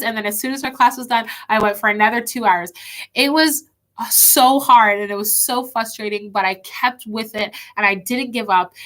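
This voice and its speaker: A woman's voice: a little high, bright, forceful tone. A young woman speaking in an online kids' church talk, telling a personal story in an earnest, chatty way and often addressing the children as guys.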